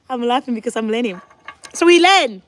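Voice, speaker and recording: A talkative woman in her forties speaks in a high, bright register. She chats casually to her viewers from home. She laughs easily. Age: 40s. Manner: chatty, talks to viewers, laughs often. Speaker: vlogger, mother. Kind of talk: casual sit-down chat.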